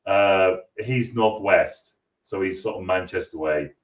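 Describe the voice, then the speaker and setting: Halting low-voiced English man, muffled. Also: reverberant. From northeast England. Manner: halting, stumbling restarts. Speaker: film review podcast co-host. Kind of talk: casual chat. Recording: muffled lo-fi audio.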